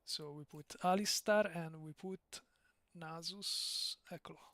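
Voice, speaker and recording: A man's voice: a little high, unhurried, fairly bright tone, dry recording, clean studio sound. A man with an Italian accent chatting casually on a live stream, rambling, digressing and laughing often. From Italy.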